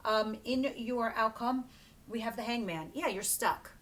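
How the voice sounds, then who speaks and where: A woman's voice: fairly high pitch, a little slow, fairly bright tone. A woman giving a casual tarot reading to camera, chatty and emphatic, swearing freely and often laughing. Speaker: tarot reader.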